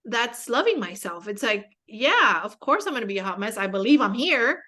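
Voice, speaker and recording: A woman's voice: a little high, big pitch swings, normal speed, bright, forceful tone. A young woman speaking as a guest in a casual spiritual conversation, telling stories candidly with self-mocking humor and many fillers.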